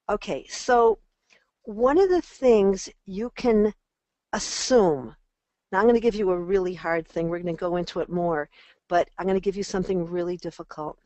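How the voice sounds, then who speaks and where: An older woman teaching an online parenting class, lively and animated, often acting out the voices of parents and children. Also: lowish voice, measured pace, no echo. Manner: animated, acts out quoted voices.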